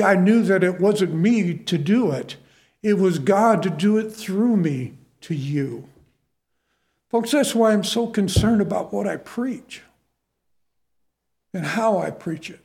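A man's voice: sits high, darkish tone. A male pastor preaching a sermon to his congregation in a folksy manner, repeating key phrases for emphasis.

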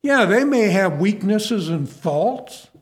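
A male pastor preaches to his congregation in a folksy manner, repeating key phrases for emphasis. His voice sits high and sing-song, at a slow pace.

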